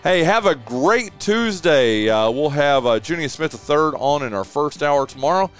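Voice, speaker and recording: A man hosting a local radio talk show, signing off in a relaxed, drawn-out way with plenty of "uh" and "man". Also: a little high, soft background music. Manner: easygoing, drawn-out with many "uh"s and "man"s. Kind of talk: casual radio sign-off and chat. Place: radio studio. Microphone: studio microphone.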